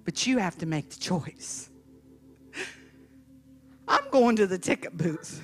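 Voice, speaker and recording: A woman evangelist preaching a sermon as a dramatic story, swinging from hushed telling to emphatic shouting. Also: on the low side, lively intonation, slow pace, pauses often, soft background music.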